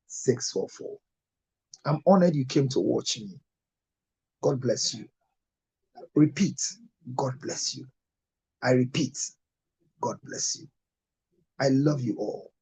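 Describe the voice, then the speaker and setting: Ghanaian male TV pastor, mellow husky tone, preacherly sign-off with ads. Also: mid-range voice, poor audio. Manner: preacherly, repeats phone numbers slowly. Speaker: pastor and TV counselor. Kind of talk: closing blessings and product ads.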